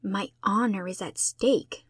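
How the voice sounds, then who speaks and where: A woman's voice: mid-range voice, takes it slowly, slightly rough, no room sound, clean studio sound. A woman voicing a proud, imaginative schoolgirl who makes solemn, dramatic declarations.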